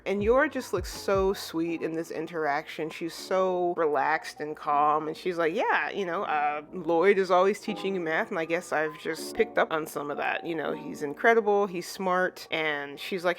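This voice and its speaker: A manga reviewer giving a casual chapter recap, talking in a chatty way full of fillers and lifting the voice for quoted characters. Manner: chatty, filler-heavy retelling with lifted pitch for quoted characters. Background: soft background music.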